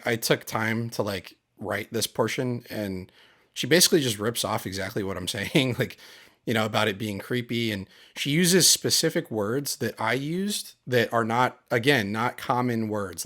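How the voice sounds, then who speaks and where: Low-voiced man, aggrieved and emphatic. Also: normal speed, a bit bright. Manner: aggrieved, emphatic, repeats himself. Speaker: channel host. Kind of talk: casual commentary.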